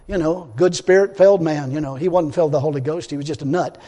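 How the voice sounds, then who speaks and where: A man preaching a sermon as pastor, folksy and blunt, dropping to quiet asides and then bursting out loud. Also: a little high, quick pace. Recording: long hall reverb.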